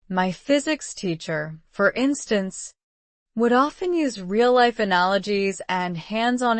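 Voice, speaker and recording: A woman reading out model exam answers in an even, polished, measured way. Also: mid-range voice, no room sound. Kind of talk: scripted reading of sample answers.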